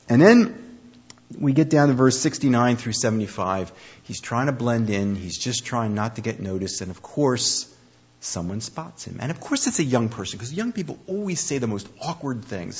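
A man preaching a conversational sermon, telling the story with animated, acted-out speech. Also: medium pitch, normal speed, slightly rough. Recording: dull lo-fi recording.

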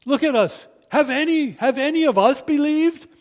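A man's voice: extremely high pitch, moderate pace, voice pushed up. A man acting out indignant, scornful religious leaders who scold their listeners, in a reverberant hall.

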